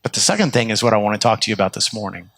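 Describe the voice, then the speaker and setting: A man's voice: on the low side, animated, very fast, a bit bright, no echo. A man preaching a sermon as pastor, telling stories earnestly and restarting his phrases often. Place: church sanctuary.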